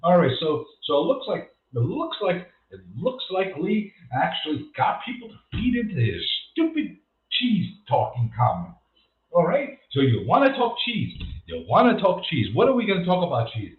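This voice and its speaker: A man with a high voice and wildly swooping pitch talks at normal speed while hosting an unscripted livestream. He rambles, rants, and repeats himself as he goes. The recording sounds tinny, echoey, and phone-like.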